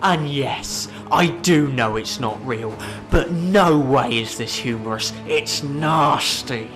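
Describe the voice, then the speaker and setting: A man voicing indignant online commenters in an attempted Birmingham accent, loud and scolding. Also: medium pitch, slow pace, over loud music, natural voice. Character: outraged indignant Facebook commenters, adult.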